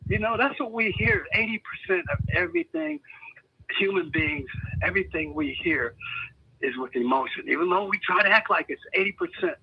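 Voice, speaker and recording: An older man from Buffalo, New York, a music producer, telling lively stories on a phone call and acting out what people said. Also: high voice, normal speed, gravelly, slight background noise. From Buffalo, New York, USA. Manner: animated storyteller acting out quotes. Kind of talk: storytelling over a phone call. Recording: muffled phone line.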